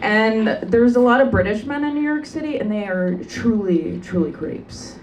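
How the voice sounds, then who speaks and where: High-voiced brash woman doing stand-up. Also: moderate pace, a little hiss or hum. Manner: deadpan, brash, sharp punchlines. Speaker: stand-up comedian. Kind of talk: stand-up comedy set. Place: comedy club stage with live audience. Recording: distant live club recording with crowd.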